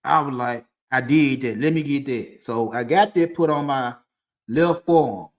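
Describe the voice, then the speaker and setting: A man's voice: mid-range voice, unhurried. A man hosting a talk stream, telling a personal story in a loose, rambling way with restarts, from a dim room. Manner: loose, conversational, with frequent restarts and laughs. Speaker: podcast host. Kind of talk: casual storytelling to camera. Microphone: streaming setup mic.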